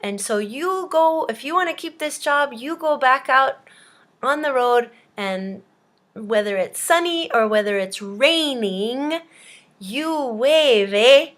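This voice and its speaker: A woman's voice: high voice, expressive, normal speed, a bit bright, voice pushed up. A woman voicing a bossy Canadian man who ends every order with "eh". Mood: angry. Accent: put-on Canadian. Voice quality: says "eh" after every order, pushy. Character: bossy middle-aged Canadian man boss.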